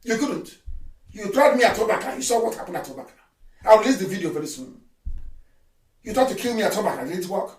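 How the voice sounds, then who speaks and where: A man with a Nigerian accent gives an impassioned live address to his followers. He is fiery and scornful, shouts often and slips into Igbo phrases. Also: high voice, big pitch swings, quick pace, long pauses. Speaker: political activist leader addressing followers. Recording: echoey room, speaker far from the mic.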